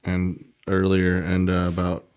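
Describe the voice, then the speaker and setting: A man with a very low voice that hardly rises or falls. He co-hosts a podcast and talks casually and loosely, leaning on fillers as he goes. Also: completely flat delivery, a little slow, a little mellow, clean tone. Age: adult, married. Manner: loose and rambling, heavy on "like" and "you know". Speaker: podcast co-host. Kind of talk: casual chat.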